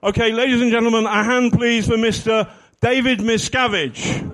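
A man's voice: extremely high pitch, steady tone, normal speed, a bit bright, faint music behind. A man giving a humorous talk to an audience, rambling with fillers and mocking himself. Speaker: speaker.

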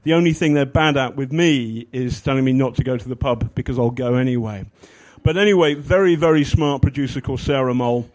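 A man's voice: mid-range voice, fairly quick, few pauses, a little mellow. A man giving a humorous talk to an audience, rambling with fillers and mocking himself. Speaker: speaker.

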